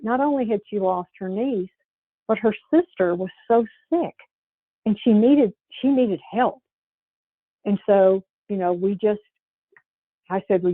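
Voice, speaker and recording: A woman's voice: medium pitch, no echo. A woman in a middle register gives a sales training talk, earnest and plainly conversational. She loops back and restarts her sentences as she tells a client's story. The sound is dry and thin, like a phone line. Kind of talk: training presentation with a personal story.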